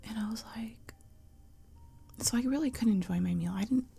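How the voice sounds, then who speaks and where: A woman who is an ASMR host speaks in a soft half-whisper, chatty and meandering. Her voice is very airy and breathy, with a gravelly fry at the edges of her words. Her tone is dark and mellow, close to a sensitive mic. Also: on the high side, normal speed. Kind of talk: soft-spoken ASMR storytelling. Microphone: close sensitive mic for headphones.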